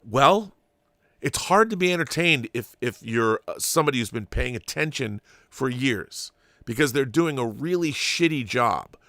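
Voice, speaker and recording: A man's voice: mid-range voice, lively intonation, moderate pace, sharp tone. A man delivers an exasperated commentary rant, sarcastic and profane, in a middle-range voice. The sound is dry and close with no room echo. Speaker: channel host. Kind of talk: opinion commentary monologue.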